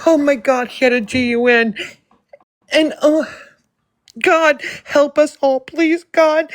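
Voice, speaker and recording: High-voiced woman freaking out on a live, slow and begging, near tears. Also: fairly even intonation. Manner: panicked, pleading. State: shaken, close to tears. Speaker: guest on a live stream. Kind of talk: live stream chat.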